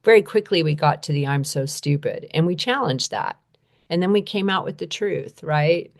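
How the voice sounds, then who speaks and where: Low-voiced woman telling a story earnestly. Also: moderate pace, gravelly. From United States. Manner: earnest, repeats phrases, frequent "right?". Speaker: guest advocate on trauma and poverty. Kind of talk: conversational storytelling.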